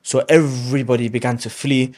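Animated male religious storyteller, mid pitch. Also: brisk. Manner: animated, emphatic retelling with Arabic phrases. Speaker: guest speaker.

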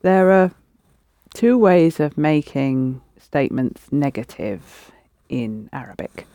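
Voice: medium pitch, animated, slow pace, warm tone, dry recording. A teacher running a spoken Arabic lesson, patiently prompting students and explaining pronunciation.

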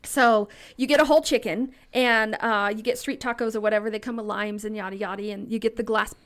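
A woman in her thirties tells stories on a podcast mic, animated and laughing. Her voice sits fairly high, and she slips into the voices of her characters as she goes. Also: brisk. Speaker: podcast guest storyteller. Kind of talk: casual storytelling. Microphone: podcast studio mic.

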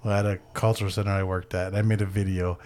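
Mohawk guy cohosting a podcast, kinda low voice, chill and swears a lot. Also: level tone, fast, a little mellow. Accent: Mohawk English. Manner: laid-back, swears a lot, laughs often. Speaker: podcast co-host. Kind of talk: casual chat.

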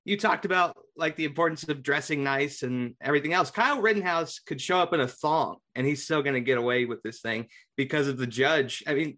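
A man's voice: fairly high pitch, a bit bright. A man co-hosting a podcast in casual political chat, dropping wry, joking asides. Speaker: podcast co-host.

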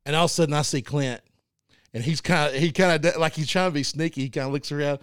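A man with a fairly high voice tells sports stories with real energy, laughing often and restarting his sentences as he goes. The sound is dry and close, with no room in it at all. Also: quick pace, a bit bright, clean tone, dry recording. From Arkansas. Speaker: podcast co-host and youth football coach. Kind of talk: casual sports chat.

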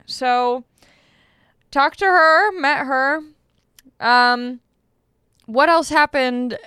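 Chatty young woman with a smooth voice. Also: fairly high pitch, sharp tone, dry recording, clean studio sound. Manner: chatty, self-deprecating storytelling. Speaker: comedian podcast host. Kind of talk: casual chat.

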